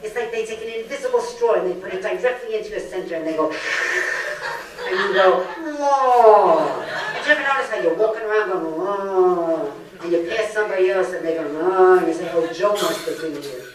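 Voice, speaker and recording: An older woman giving a humorous public lecture, with a lively comic delivery and acted-out quotes. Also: medium pitch, quick pace, a crowd in the background. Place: library lecture room. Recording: echoey hall from far off, faint noise.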